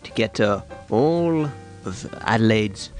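A man hosting a comedy radio show, rambling in a mock-earnest, deadpan way. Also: on the low side, slow, soft background music. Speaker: radio host.

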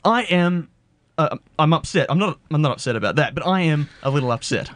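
A man's voice: fairly high pitch, expressive, brisk, a bit bright. An Australian man co-hosting a radio show, ranting in a playful, mock-indignant way. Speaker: radio co-host. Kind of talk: casual radio banter.

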